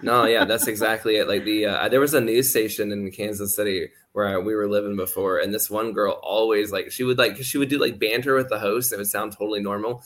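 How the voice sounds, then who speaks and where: A man's voice: on the low side, steady tone, brisk, hardly any pauses, fairly bright tone. A man who is a preacher, a guest on a podcast, chatting in an easygoing way. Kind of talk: casual podcast chat.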